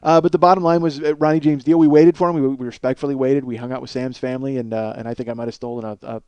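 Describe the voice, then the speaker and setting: A man's voice: mid-range voice, fairly even intonation, racing, darkish tone, smooth, no room sound, dull audio. A man hosting a podcast, telling a long story in a rambling, profane, casual way. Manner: rambling and profane, with lots of filler. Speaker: podcast host. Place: home studio at night.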